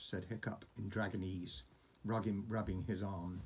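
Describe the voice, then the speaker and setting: A man's voice: deep voice, level tone, normal speed, a little hiss or hum. Older grandfather reading a bedtime story. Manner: gentle, chatty asides to a child. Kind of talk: storybook reading over a message.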